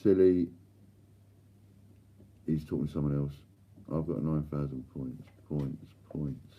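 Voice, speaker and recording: Deep-voiced chatty man. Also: slow, mellow, slight background noise. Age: older. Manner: chatty, bantering, reads out viewer comments. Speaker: live stream host. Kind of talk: casual chat to live viewers.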